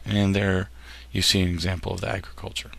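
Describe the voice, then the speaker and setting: A man's voice: sits low, little pitch movement, fairly quick, vocal fry, dry recording. A man teaching a history lesson over slides, casual and jokey, often tripping over words and restarting them. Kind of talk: classroom lecture over slides.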